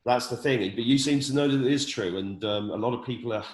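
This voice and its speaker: A man's voice: medium pitch, fast, reverberant, rough recording. A man in his fifties hosting a casual conversation, speaking earnestly with stammering restarts. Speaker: host.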